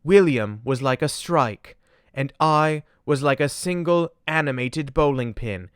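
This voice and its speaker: Clueless young royal narrating his memoir , a man putting it on, put-on English accent, solemn and deadpan, smooth voice, dry studio sound. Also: mid-range voice, no room sound, close to an everyday voice. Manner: solemn, deadpan delivery of absurd confessions. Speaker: comedian. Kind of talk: parody audiobook narration.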